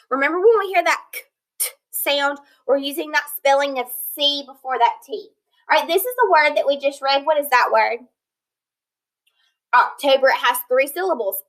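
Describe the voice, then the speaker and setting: Bright-voiced woman teaching phonics. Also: high-pitched, poor audio. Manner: slow, clear, encouraging teacher talk, sounding out words. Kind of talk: recorded phonics lesson for children.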